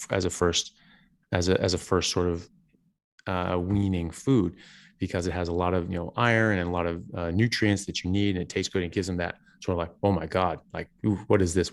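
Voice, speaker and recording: A man who is a doctor, a guest on a podcast interview, telling stories in an animated way with frequent restarts. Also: deep voice, creaky. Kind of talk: casual interview conversation.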